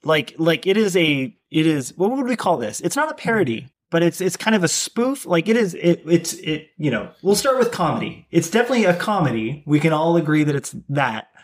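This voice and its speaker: A man's voice: fairly high pitch, sing-song, a little fast, hardly any pauses. A man co-hosting a podcast, talking casually about a film and thinking aloud with many restarts. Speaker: podcast co-host.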